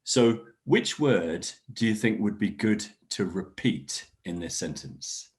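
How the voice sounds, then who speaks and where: A man leads an online English class over a video call. His voice sits fairly low, but his intonation swings widely as he models stressed sentences. He encourages each learner by name. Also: animated, slow pace. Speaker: English workshop teacher.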